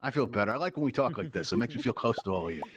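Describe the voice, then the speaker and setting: A man's voice: medium pitch, big pitch swings, very fast, lo-fi sound. A man hosting a live virtual reality game show, teasing and bantering playfully with contestants. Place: virtual reality social event.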